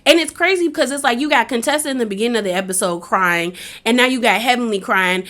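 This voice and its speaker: A woman talks fast in a slightly high, fairly bright voice. She gives a casual, opinionated recap of a reality show, chatting away with plenty of "like" and acting out the quotes.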